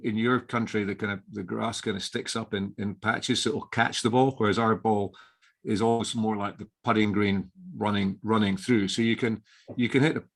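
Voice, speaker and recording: Guest: middle-aged man, lowish voice, chatty and rambling. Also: vocal fry, a bit bright. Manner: rambling, many restarts and fillers. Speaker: inn owner, guest. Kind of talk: casual interview chat.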